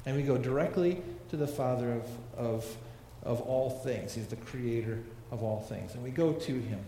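A man's voice: mid-range voice, moderate pace, warm tone, a little hiss or hum. Man preaching in an echoey church hall. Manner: conversational preaching, asks the congregation questions. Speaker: pastor. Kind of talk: sermon. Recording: echoey hall with long reverb.

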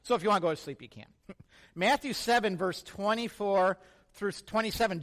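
A male pastor giving a sermon in a church, relaxed and conversational, joking with the congregation and asking them questions. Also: high-pitched.

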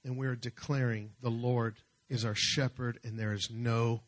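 A man preaching a sermon as pastor, fervent, slowing and swelling as he reads scripture. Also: medium pitch, little pitch movement.

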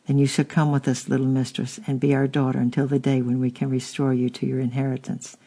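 A man reading the lines of a gentle, motherly old shepherd's wife in a storybook. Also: mid-range voice, completely flat delivery, fast, gravelly, slightly rough.

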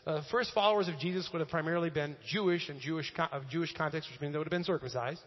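A man's voice: fairly high pitch, rapid-fire. A male pastor giving a casual, joking sermon in a church, often using fillers. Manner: conversational and joking, with frequent fillers. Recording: echoey hall, dull lo-fi sound.

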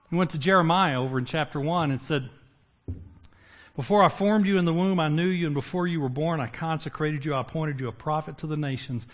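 Animated high-voiced male preacher. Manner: lively, acts out biblical characters with humor. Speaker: pastor. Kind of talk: sermon.

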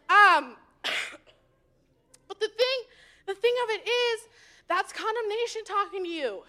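A young woman giving an informal sermon to young people, chatty and animated, swinging between loud and hushed. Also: very high-pitched, unhurried, pauses often. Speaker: youth leader giving a message.

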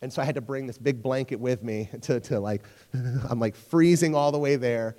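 Young male youth pastor, mid-pitched, chatty storytelling sermon style, hall reverb on the mic. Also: brisk. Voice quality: storytelling, jokey and animated, talks to crowd. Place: church hall.

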